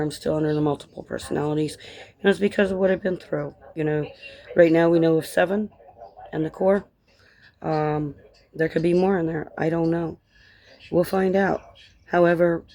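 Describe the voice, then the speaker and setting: A woman who grew up in Colorado, talking casually in a rambling vlog chat that drifts between tangents and gentle encouragement. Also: low-pitched, steady tone, moderate pace. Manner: chatty, tangent-prone, encouraging. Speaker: vlogger and author.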